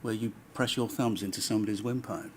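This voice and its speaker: Male counsel, low voice, formal and pressing, questioning a witness. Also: fairly even intonation, quick pace, slight background noise. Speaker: inquiry counsel.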